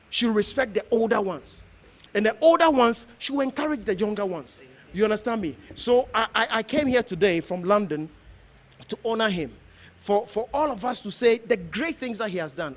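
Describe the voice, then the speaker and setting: A middle-aged pastor from Ghana speaks to a gathered crowd in an earnest, exhorting way. His voice sits high for a man, and he circles back over his points as he presses them home. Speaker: pastor hosting an honoring event. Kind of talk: heartfelt speech to a gathering.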